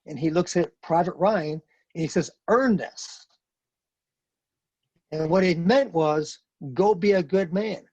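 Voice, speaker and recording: Retired Marine guest, middle-aged man, husky and forceful in delivery, close dry lo-fi mic. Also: on the high side, no room sound. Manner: blunt, emphatic, repeats words when stressing a point. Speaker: podcast guest, retired Marine sergeant major. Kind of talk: conversational interview talk. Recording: dry, dull lo-fi sound.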